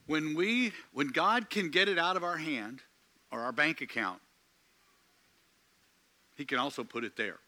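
A man preaching a sermon from the pulpit, slow and emphatic with dramatic pauses. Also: on the high side, bright, forceful tone. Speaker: pastor.

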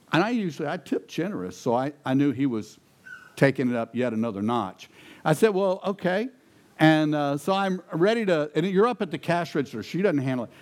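A man preaching to a congregation, telling a personal story and then building to emphatic questions. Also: mid-range voice. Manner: animated, rising to emphatic peaks. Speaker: pastor. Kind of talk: sermon storytelling.

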